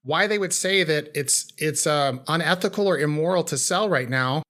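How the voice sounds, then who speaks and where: A middle-aged man hosting a podcast interview, speaking earnestly and reflectively, a little halting. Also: a little high, a bit bright. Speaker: podcast host, former chiropractor. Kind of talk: podcast interview, conversational remarks.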